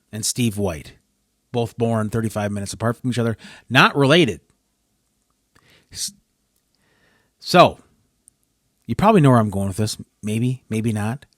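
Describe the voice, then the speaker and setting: Alone on his podcast, this host sounds frustrated, wandering from point to point and interrupting himself before finishing sentences. He speaks in a mid-range voice, captured in clean studio sound with no echo.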